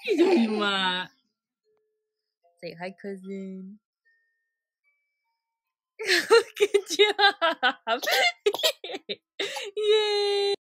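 A mother at home coaxes her baby in sing-song baby talk, laughing often. Her voice sits a little high and swoops widely while she takes her time. The sound is dry and close. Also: big pitch swings, drawn-out words, pauses often, no room sound, soft background music. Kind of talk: home video chat with a baby.

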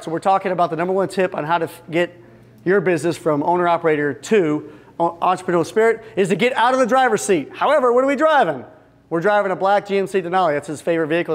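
A high-pitched man gives a business seminar talk to a live audience of fence business owners at a retreat. He's energetic and joking, speaking directly to the room and acting out little scenes.

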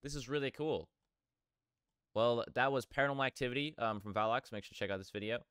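A man hosting a reaction video, talking casually and excitedly, often repeating himself. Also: mid-range voice, fast talker, smooth, no echo, clean studio sound.

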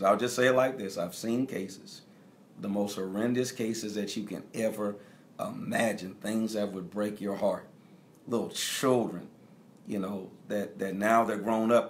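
A man's voice: on the low side, a little hiss or hum. Emphatic middle-aged male preacher. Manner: emphatic, repeats key phrases; speaks directly to the congregation. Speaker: bishop. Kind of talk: teaching sermon.

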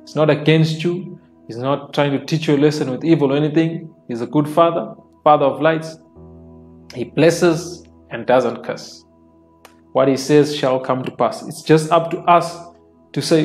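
A man in a mid-range voice preaches at normal speed while gentle worship music plays in the background. Reading scripture and explaining it plainly, he repeats key phrases to emphasize them.

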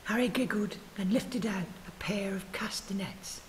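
A woman reading her own story aloud at a spoken word night, breathy and soft, sometimes stumbling and correcting herself. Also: mid-range voice, normal speed, a little hiss or hum, poor audio. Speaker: writers group reader.

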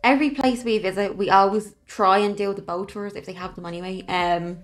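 An Irish woman co-hosting a casual reaction chat, soft-spoken and agreeable. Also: medium pitch, steady tone, fairly quick. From Ireland. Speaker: reaction channel co-host.

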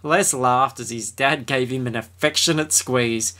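Bright-voiced man hosting a podcast. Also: mid-range voice, measured pace. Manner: animated, mocking read-aloud voices. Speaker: podcast host. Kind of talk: reading aloud and casual chat.

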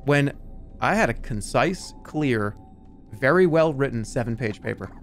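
A man's voice: medium pitch, animated, measured pace, soft background music. A man streaming and chatting casually, rambling animatedly, swearing freely and laughing often. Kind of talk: casual chat.

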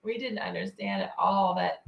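A woman's voice: mid-range voice, steady tone, moderate pace, creaky, muffled recording. A woman telling a personal story in a casual, earnest way, quoting her own thoughts. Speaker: co-host telling a shared story. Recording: echoey room.

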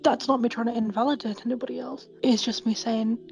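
A woman's voice: fairly high pitch, fast, vocal fry. A woman with a stammer, candidly telling her own story in an interview and acting out past conversations. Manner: candid, animated retelling of conversations. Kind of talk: personal testimony interview.

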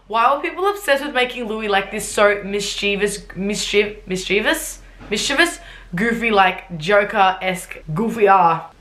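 A woman's voice: on the high side, lively intonation, normal speed, fairly bright tone. A woman, reacting bluntly and sarcastically on a casual vlog and swearing freely. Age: 20s. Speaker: YouTuber. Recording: roomy echo.

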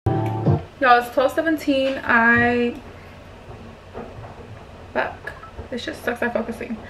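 A woman's voice: on the high side, fairly even intonation, slow, roomy sound, over music, rough recording. A woman in her twenties chatting casually to her viewers in a vlog, loose and slangy, swearing freely. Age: 20s. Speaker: vlogger. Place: at home and around a college campus. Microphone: handheld camera.

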